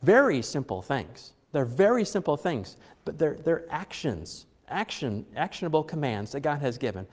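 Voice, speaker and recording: Speaking at a moderate pace with hardly a pause, this middle-aged pastor sounds very animated, his voice sitting a little high. He chats his way through a sermon to the congregation, cracking jokes, restarting sentences and leaning on fillers, all inside a long hall echo.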